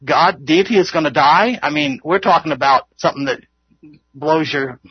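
Guy teaching a bible study, kinda husky voice, a bit higher pitched, rambly and earnest, dry dull-sounding audio. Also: moderate pace, no echo. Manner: earnest, rambling, laughs often.

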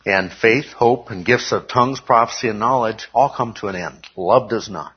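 Heard on a dull lo-fi recording, a man with a fairly low, husky voice preaches at a moderate pace to his church congregation. He lays out his teaching step by step, often pausing to check in with "okay?".

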